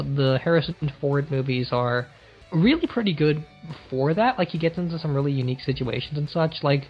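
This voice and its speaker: A man co-hosting a podcast in casual chat, jokey and self-mocking, laughing often. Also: a little high. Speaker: podcast co-host. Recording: dull lo-fi recording with faint music.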